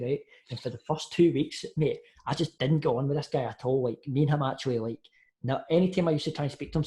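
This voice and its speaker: Podcast guest: young Scottish man, chatty storyteller, mid-pitch. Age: young adult. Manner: lively anecdotes, says mate a lot, acts out quotes. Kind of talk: casual storytelling chat.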